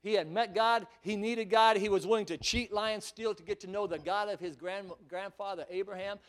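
A man preaching a sermon, emphatic and full of rhetorical questions, at times building to near-shouts. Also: high voice, fairly even intonation, brisk.

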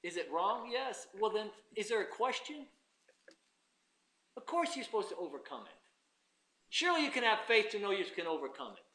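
A man preaching a sermon, dropping to quiet asides and rising to loud, impassioned passages, acting out pleading voices in dialogue. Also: sing-song, moderate pace, pauses often. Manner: swings from low asides to loud shouted preaching.

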